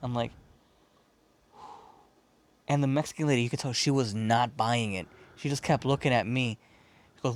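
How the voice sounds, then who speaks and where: Unhurried and pausing often, a man with a medium-pitched voice hosts a podcast and rambles through a long, profane tale in easygoing talk. He's from Chicago and brings the story's people to life by imitating their voices.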